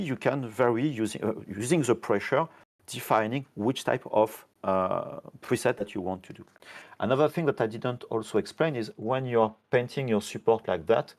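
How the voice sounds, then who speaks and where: A man who is not a native English speaker, demonstrating software on a live stream, halting, with many fillers and self-corrections. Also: fairly low pitch. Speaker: software team member demonstrating features.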